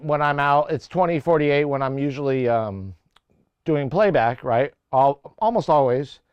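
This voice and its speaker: A man hosts a casual livestream from his home music studio, talking through audio settings in a somewhat high voice on a lavalier mic. He rambles and corrects himself as he thinks aloud in a casual technical chat, and the sound is clean with no echo but lo-fi.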